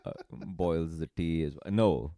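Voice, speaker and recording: A man co-hosting a podcast in casual comedic chat, laughing often and swinging between low mutters and loud bursts. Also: a little slow, no room sound, studio quality. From Indian family background. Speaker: podcast co-host.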